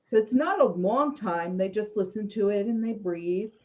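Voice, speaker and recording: A woman in her fifties, a sleep educator, calmly explaining bedtime routines step by step in an interview. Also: mid-range voice, moderate pace. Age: 50s. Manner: calm, coaching, explains step by step. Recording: dull lo-fi audio.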